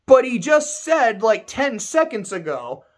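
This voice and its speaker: A man's voice: very high-pitched, big pitch swings, a little slow. A man giving casual game commentary to camera, emphatic and ranting, swearing freely. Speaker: video creator.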